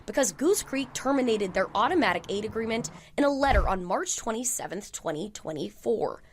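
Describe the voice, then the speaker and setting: A woman reporter narrating a news investigation in a measured, formal delivery. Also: medium pitch. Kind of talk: scripted news narration and interview questions.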